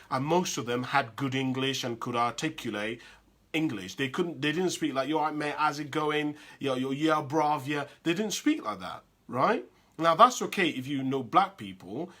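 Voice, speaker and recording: A man from Uganda giving a candid, reflective personal talk, often pausing and restarting his sentences. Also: mid-range voice, sharp tone. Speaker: speaker sharing personal reflections.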